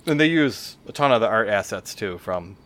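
Talking about a game he discovered, a man co-hosting a podcast rambles somewhat, filling gaps and correcting himself in casual chat. His fairly low, fairly bright voice is animated at a moderate pace, and a little hiss or hum can be heard.

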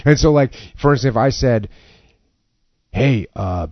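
A man's voice: medium pitch, fast, dry recording, lo-fi sound. A man hosting a podcast in casual chat, talking earnestly and laughing between thoughts.

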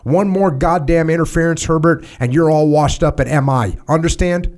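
A furious army officer barks question after question, his voice pushed up high and taut with rage, as a man reading aloud puts him on. He rants and cuts off every reply, bullying and relentless. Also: moderate pace, lightly acted. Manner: ranting, shouting down interruptions. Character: furious middle-aged male army commander, bullying.

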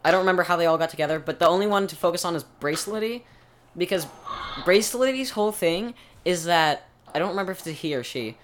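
A man's voice: high voice, expressive, quick pace, fairly bright tone, a little hiss or hum. A man co-hosting a podcast, chatting casually and rambling through explanations with many restarts. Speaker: podcast co-host. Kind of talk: casual chat.

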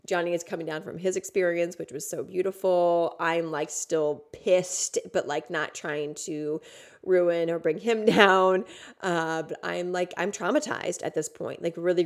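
A woman's voice: lowish voice, a little mellow. A woman hosting a podcast, telling a personal story in a candid, casual way with lots of fillers and swearing. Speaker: podcast host.

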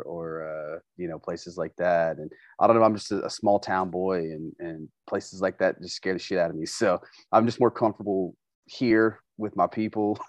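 A man's voice: low-pitched, dry recording. A man from Oklahoma, a guest and teacher, talking casually in an interview with lots of fillers and restarts. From Tulsa, Oklahoma. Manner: relaxed and rambling with frequent fillers and restarts. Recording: slightly dull lo-fi audio.

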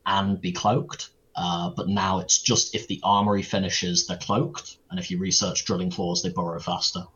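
Husky low-voiced British man, dry humour. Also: little pitch movement, normal speed, a bit bright, dull audio. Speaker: podcast guest, streamer. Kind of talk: casual interview chat.

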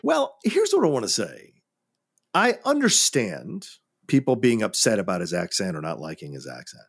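A man's voice: lowish voice, huge pitch swings, normal speed, creaky, faint music behind. A man co-hosting a casual film podcast, giving earnest, emphatic opinions. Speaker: podcast co-host.

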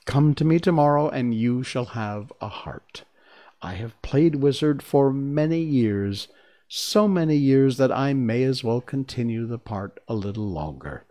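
Man as a sheepish fake wizard, storybook, slow and lively in pitch. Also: lightly acted. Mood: apologetic. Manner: pleading, self-deprecating. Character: humbug wizard man, meek and apologetic.

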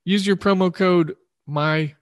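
A man's voice: high-pitched, steady tone, takes it slowly, no echo, clean studio sound. A man hosting a sports betting show, rambling loosely through picks and correcting himself as he goes. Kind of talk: casual sports betting talk.

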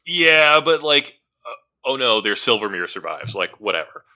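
A man's voice: medium pitch, big pitch swings, moderate pace, sharp tone. A young man co-hosting a casual card game chat, hesitant and full of fillers. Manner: hesitant, stacks fillers and repeats himself. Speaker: card game podcast co-host.

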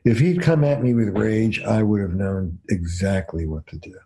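An older man from New Jersey, a couples therapist, telling stories in an animated, emphatic way in a casual podcast chat. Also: fairly low pitch, normal speed.

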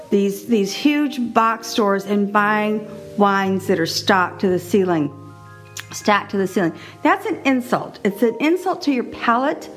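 Middle-aged woman hosting a solo podcast; chatty, animated, pitched a bit high, soft music under her. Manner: chatty, laughs often, animated. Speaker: podcast host.

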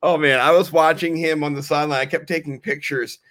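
Animated rambling man. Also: a little high, fairly quick. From Maryland, US. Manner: rambling, animated storytelling with swearing. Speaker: podcast co-host. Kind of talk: casual chat.

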